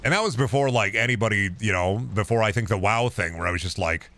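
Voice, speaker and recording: A man in his thirties with a deep voice, chatting casually on a stream into a boom mic, rambling with many restarts and casual swearing. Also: fast talker, bright, forceful tone, a little hiss or hum. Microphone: boom microphone with compressor and EQ.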